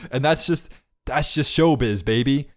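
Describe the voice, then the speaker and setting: A man's voice: fairly high pitch, huge pitch swings, unhurried. A man in his twenties co-hosting a podcast, chatting casually and riffing on jokes with frequent laughs. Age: 20s. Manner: joking, rambling bits with frequent laughs. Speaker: podcast co-host. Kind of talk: casual chat.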